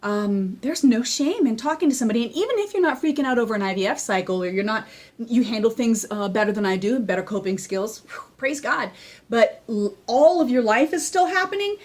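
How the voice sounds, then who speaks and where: Excitable, chatty higher-voiced woman. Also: fairly quick. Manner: excitable, animated storytelling; candid, laughs while talking. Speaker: vlogger sharing her personal story. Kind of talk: casual talk to camera.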